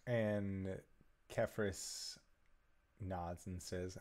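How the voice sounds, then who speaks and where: A man's voice: mid-range voice, slow pace. A man playing a tabletop game, talking casually with terse replies. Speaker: player.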